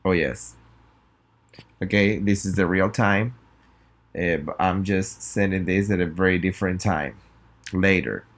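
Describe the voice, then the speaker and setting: In a recorded English pronunciation lesson, a man with a Spanish accent reads example sentences slowly and clearly so students can repeat them. His voice is low with a fairly bright tone.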